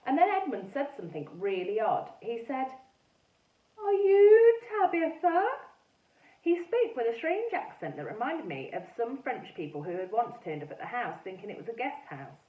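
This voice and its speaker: Animated woman reading a story aloud. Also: mid-range voice, brisk, hardly any pauses. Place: classroom or school room. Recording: echoey room, mic far off, dull sound.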